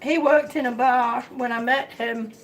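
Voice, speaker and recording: A woman's voice: a little high, fairly even intonation, a little slow, recorded from a distance, slight background noise, low-quality recording. An older woman from Miami with an accent mixed from the South and the Midwest, chatting casually and telling a rambling story full of restarts. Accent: mixed American Southern and Midwestern. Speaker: vlogger. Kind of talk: casual chat.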